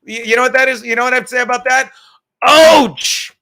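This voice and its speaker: A man hosting a live stream, rambling loudly and profanely from topic to topic in casual chat. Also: very high-pitched, little pitch movement, very fast, clear, resonant tone. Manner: loud, rambling, profane, jumps between topics.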